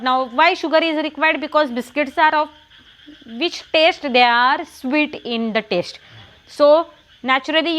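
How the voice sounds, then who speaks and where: A teacher with a Marathi accent runs a classroom lesson, asking the same questions again and again and spelling words out letter by letter. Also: female voice, high voice, a bit bright.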